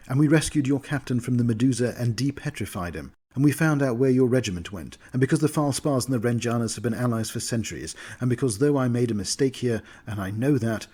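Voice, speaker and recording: A man's voice: medium pitch, a little mellow, husky, close to an everyday voice. A man voicing a pleading noblewoman adventurer.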